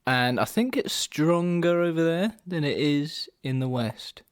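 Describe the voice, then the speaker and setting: A young man from England co-hosting a casual podcast, relaxed and deadpan, often trailing off quietly. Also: on the high side, measured pace, clear, resonant tone, no echo, clean studio sound. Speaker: podcast co-host.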